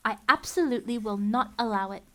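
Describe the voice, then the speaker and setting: A woman's voice: medium pitch, lively intonation, moderate pace, fairly bright tone, natural voice. A woman voicing an indignant, fussy male banker in a storybook reading. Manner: indignant, emphatic.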